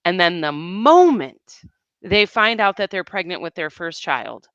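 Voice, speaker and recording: A woman's voice: on the low side, very animated, unhurried, a bit bright, no room sound, muffled recording. A woman co-hosting a casual live chat, teasing her partner and laughing easily. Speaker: co-host.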